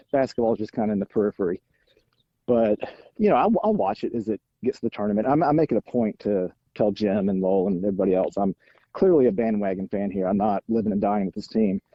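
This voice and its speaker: Animated man on a lo-fi line. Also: lowish voice, no room sound. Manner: animated, self-deprecating storyteller with rising exasperation. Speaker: podcast guest. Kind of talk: casual chat. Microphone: phone while out walking.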